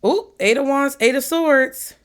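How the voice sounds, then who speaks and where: A woman giving a casual tarot reading to camera, talking in a blunt, profane and animated way. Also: high-pitched, measured pace. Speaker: tarot reader.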